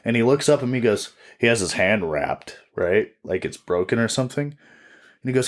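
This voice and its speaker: Animated young man telling a story. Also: mid-range voice, moderate pace. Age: 20s. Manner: animated, swears freely, acts out quotes. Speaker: podcast co-host and stand-up comedian. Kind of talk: casual storytelling chat.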